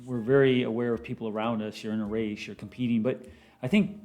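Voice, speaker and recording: A man's voice: mid-range voice, steady tone, quick pace, darkish tone. A man hosting a running club podcast, speaking conversationally and giving brief encouraging responses. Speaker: podcast host. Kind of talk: conversational interview.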